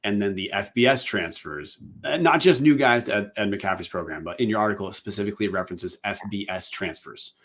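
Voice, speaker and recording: A man with a fairly low voice co-hosts a sports podcast. He asks long, winding questions, stopping to rephrase and correct himself partway through. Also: animated, fairly quick, hardly any pauses, a bit bright. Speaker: podcast co-host. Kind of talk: podcast interview.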